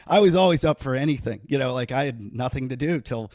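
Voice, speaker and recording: A middle-aged man hosting a podcast, telling a story in a casual, animated way and laughing often. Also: mid-range voice, quick pace, no echo, clean studio sound. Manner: animated, laughing, acts out quotes. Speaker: podcast host.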